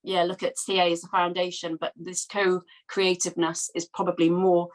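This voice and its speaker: A Welsh woman speaks in a fairly low voice over a video call. She is a new trainee therapist, nervous but earnest, and talks from the heart in halting, restarting phrases. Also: flat delivery, rough recording. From Wales. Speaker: workshop delegate, trainee therapist. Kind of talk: casual discussion.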